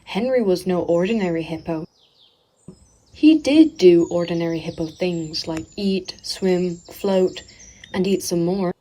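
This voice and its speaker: A woman narrating a children's animated story in a clear, measured read-aloud manner. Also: fairly low pitch.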